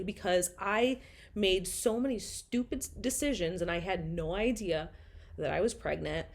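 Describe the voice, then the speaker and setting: A woman's voice: fairly low pitch, normal speed. A young woman telling her own story in a rambling, candid way, full of "like" and blunt swearing.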